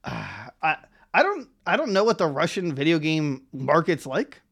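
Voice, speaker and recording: A man's voice: fairly high pitch, sing-song, moderate pace, vocal fry, fairly bright tone, slightly rough. Rambling man on a casual podcast. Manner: rambling, many restarts and laughs. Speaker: podcast co-host.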